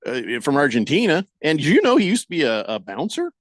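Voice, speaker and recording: A man hosting a sports radio show, chatting in a wry, rambling way. His pitch swings widely as he talks. The studio sound is dry and close, with no room echo. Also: wildly swooping pitch, fairly quick. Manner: rambling, wry, reads listener chat comments aloud. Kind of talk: casual sports radio chat.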